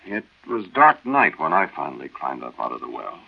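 Very deep, gravelly storyteller. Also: male voice, very animated, full character voice. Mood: earnest. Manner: slow, earnest storytelling. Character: man recalling a spooky night in the desert. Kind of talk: 1940s radio acting. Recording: lo-fi old radio broadcast.

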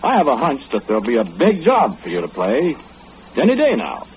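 An actor playing the archangel Gabriel, a folksy, excitable male messenger telling his tale in 1940s radio style. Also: medium pitch, brisk, a little hiss or hum. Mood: excited storytelling. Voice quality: folksy rural drawl, excitable. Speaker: narrating monologue. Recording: tinny old radio broadcast with loud music.

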